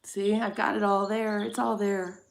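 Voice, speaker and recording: A woman's voice: medium pitch, level tone, gravelly, roomy sound. A middle-aged woman hosting a livestream, chatting casually with viewers and joking about herself between song requests. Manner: playful, self-mocking, quick asides.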